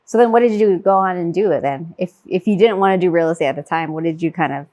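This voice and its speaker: A woman's voice: on the low side, fast, mellow. A woman co-hosting a podcast, asking the guest curious questions at his home. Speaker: podcast co-host. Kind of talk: interview questions.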